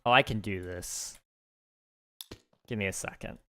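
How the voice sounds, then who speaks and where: Bright, chatty young gaming streamer man. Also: on the low side, unhurried. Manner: chatty, relaxed, thinks aloud with fillers and small laughs. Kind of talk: casual live-stream chat while gaming.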